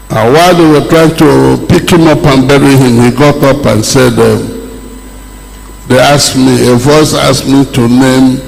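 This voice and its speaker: Pastor, male, emphatic sermon delivery, gravelly voice, long hall reverb. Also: mid-range voice, slight background noise. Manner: slow, emphatic preaching with rising exclamations.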